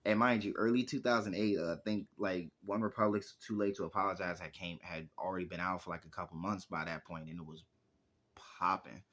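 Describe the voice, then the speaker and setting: A man's voice: deep voice, steady tone, fairly quick, fairly bright tone. A man in his twenties, a music producer and rapper, telling stories in a casual, rambling interview with lots of filler words. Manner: rambling, heavy use of "like" fillers.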